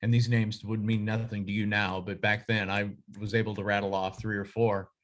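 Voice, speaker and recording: A man's voice: fairly low pitch, flat delivery, normal speed. A middle-aged man who leads a journalism association, speaking in a casual, rambling way full of fillers and restarts. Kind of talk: casual reflective talk.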